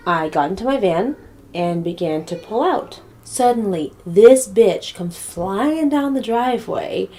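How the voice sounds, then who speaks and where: A woman's voice: medium pitch, mellow, slight background noise. Sassy woman telling a comedy story to camera, blunt and sweary.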